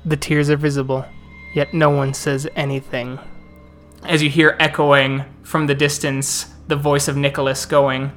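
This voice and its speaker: A man's voice: on the high side, flat delivery, measured pace, a bit bright, faint music behind. Man narrating a tabletop game. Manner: flowing, descriptive narration with some stumbles. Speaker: storyteller.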